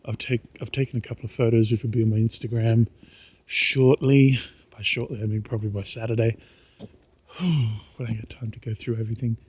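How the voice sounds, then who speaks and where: A middle-aged Australian man, tired and speaking quietly, rambling through a casual walking vlog outdoors at night. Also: slightly rough, dry recording. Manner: rambling, quiet and low-key. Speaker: vlogger. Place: outdoors on a small-town main street at night. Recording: dull lo-fi recording.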